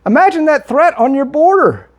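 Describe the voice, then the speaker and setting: A political commentary vlogger delivers a heated, argumentative monologue answering viewer comments, often restarting his sentences. His voice is extremely high-pitched and very animated, at a moderate pace.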